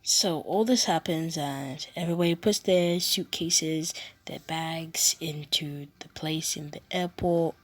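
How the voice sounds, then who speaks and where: A woman narrating an invented fan story in a casual, meandering way. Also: low-pitched. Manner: breathy, meandering.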